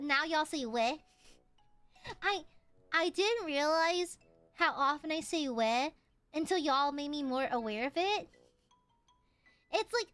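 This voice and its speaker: A woman's voice: very high-pitched, fairly bright tone. A young woman streaming and chatting casually with her viewers, giggling often and playfully whining. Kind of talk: casual livestream chat.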